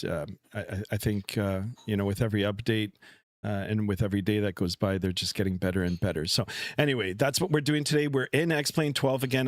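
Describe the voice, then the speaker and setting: A man's voice: fairly low pitch, no echo, studio quality. A middle-aged man hosting a flight simulator live stream from home, chatting loosely with many fillers and restarts. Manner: relaxed, rambling, many fillers. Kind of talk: casual live-stream chat. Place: home room. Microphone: headset mic.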